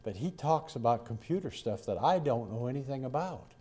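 A man's voice: medium pitch, animated, fairly quick, mellow, husky. An older man preaching a Bible-study sermon in a folksy, rambling way, with asides to his listeners.

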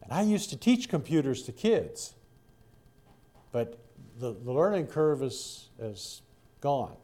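Older male preacher, mellow voice, folksy rambling sermon delivery. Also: medium pitch, sing-song, slow. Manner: folksy, rambling with asides and restarts. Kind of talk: sermon Bible teaching.

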